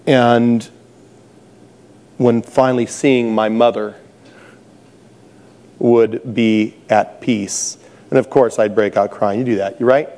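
Mellow-voiced man preaching a sermon. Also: medium pitch, slow pace, pauses often. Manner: animated storytelling, laughing at own jokes. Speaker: pastor.

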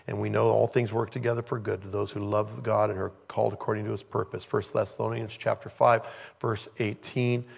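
A man preaching as a pastor, teaching through a scripture passage conversationally and growing animated when he retells the scenes. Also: fairly low pitch, vocal fry. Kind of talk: expository sermon.

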